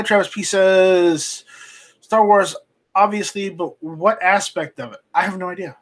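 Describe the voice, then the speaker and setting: A man hosting a casual live stream off camera, reading viewer chat aloud and talking in a halting, rambling way with many restarts. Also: sits high, fairly bright tone. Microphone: home streaming mic, voice only, off camera.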